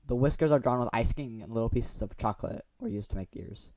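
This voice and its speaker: Speaking fast in a mid-range, slightly mellow voice, a young man hosts a gaming video. He reads the visual novel's story text aloud while sprinkling in goofy, chatty remarks.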